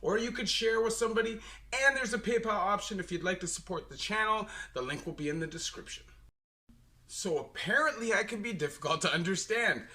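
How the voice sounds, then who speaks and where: Young Canadian man, Canadian accent, bright slightly high voice, casual streetwise vlogger. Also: fairly quick. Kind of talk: casual explainer monologue.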